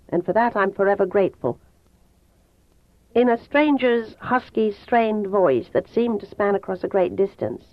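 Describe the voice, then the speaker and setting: A woman narrating a novel aloud in the first person, measured and brooding. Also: mid-range voice, no room sound. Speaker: audiobook narrator. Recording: tinny phone-like dry sound.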